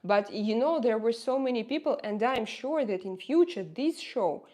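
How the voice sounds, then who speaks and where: A woman's voice: fairly high pitch, lively intonation, moderate pace, mellow. Woman with a Russian accent, hesitant. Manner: hesitant, searching for words with many fillers. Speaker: livestream host reading viewer chat. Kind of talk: casual livestream chat.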